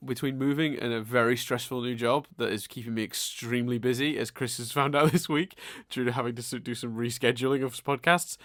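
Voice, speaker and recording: A man's voice: mid-range voice, fairly bright tone, no echo, clean studio sound. A man co-hosting a podcast, chatting casually and rambling, with many restarts and repeated words. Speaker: podcast co-host. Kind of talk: casual chat.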